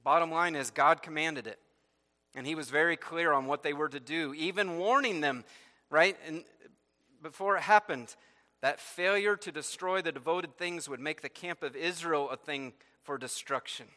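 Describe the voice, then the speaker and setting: A man preaches in a church sanctuary, reading scripture passages aloud and unpacking them with rhetorical questions. His voice is bright and sits a little high for a man. A long reverb trails each phrase around the hall. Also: moderate pace. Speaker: pastor. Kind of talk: sermon.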